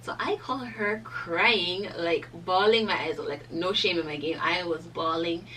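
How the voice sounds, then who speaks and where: A young woman telling a storytime in a chatty, animated way, full of "like" fillers. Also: lowish voice, a little slow, recorded from a distance, slight background noise, rough recording. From Cayman Islands. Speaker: vlogger. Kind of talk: casual storytime.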